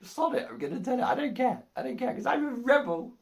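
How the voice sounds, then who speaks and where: A woman's voice: fairly high pitch, animated, fast talker, vocal fry. A woman giving a comic Christmas speech, telling a rambling joke and giggling at her own lines. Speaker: comic storyteller.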